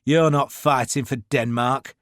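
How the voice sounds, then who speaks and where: A man's voice: mid-range voice, fairly even intonation, measured pace, fairly bright tone, dry recording, studio quality, lightly acted. A man doing a curt, sneering army lieutenant.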